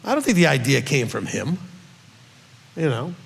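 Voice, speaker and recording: Emphatic rabbi in a reverberant hall. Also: male voice, medium pitch, sing-song, normal speed, vocal fry, husky. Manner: emphatic, ends points with "okay?". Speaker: rabbi teaching a Q&A. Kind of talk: conversational Bible teaching.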